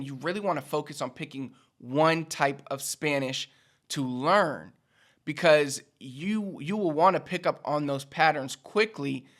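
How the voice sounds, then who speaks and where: Chatty man with a bright voice. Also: a little high. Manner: chatty, repetitive, acts out quick casual speech. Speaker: language teacher, channel host. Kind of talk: casual video lesson to camera.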